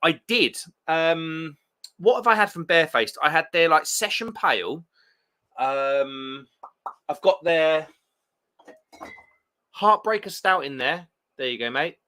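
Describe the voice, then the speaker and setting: A man's voice: a little high, animated, slow, long pauses, bright, forceful tone. A man hosting a beer live stream, chatting casually and rambling through viewer comments with plenty of restarts. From England.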